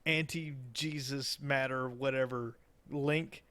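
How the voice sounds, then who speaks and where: A man's voice: medium pitch, steady tone, slow, pushed and bright. A man with a Southern American accent, co-hosting a casual podcast chat, crude and joking. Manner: crude, joking, slips into mock voices. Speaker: podcast co-host.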